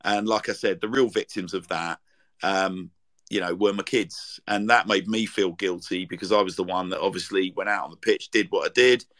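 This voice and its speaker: Bright-voiced chatty male podcast host. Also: deep voice, fairly even intonation, normal speed, poor audio. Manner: chatty, rambling, with many ums and restarts. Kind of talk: casual fan podcast chat, reading out tweets.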